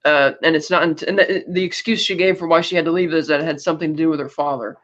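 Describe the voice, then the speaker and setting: A man's voice: fairly high pitch, steady tone, fast, fairly bright tone. Rambling male podcast host, lo-fi audio. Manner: rambling, many fillers and restarts; acts out character quotes. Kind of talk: casual film recap.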